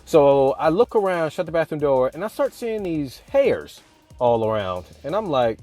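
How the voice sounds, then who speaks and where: A man vlogging, telling a story casually in a slangy, animated way. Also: fairly high pitch, moderate pace, soft background music. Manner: animated, slangy, acts out quotes.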